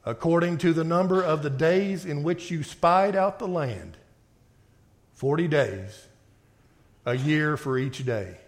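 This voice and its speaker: A man preaching a sermon and reading scripture aloud, swinging between forceful outbursts and quiet reading. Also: on the high side, lively intonation, slow. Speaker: pastor.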